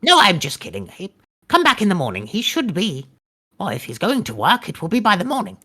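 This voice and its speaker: Woman voicing a curt, formal male artificer for a tabletop game; very animated pitch. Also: a little fast, breathy edge, full character voice. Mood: blunt. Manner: stiff formal speech without contractions.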